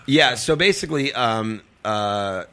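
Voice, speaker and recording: A man guesting on a talk show, telling a long rambling story, full of fillers and acting out quotes in a higher voice. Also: animated, measured pace, bright, forceful tone, a little hiss or hum. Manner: rambling, filler-heavy, acts out quotes in a high voice. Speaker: comedian guest. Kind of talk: casual storytelling chat.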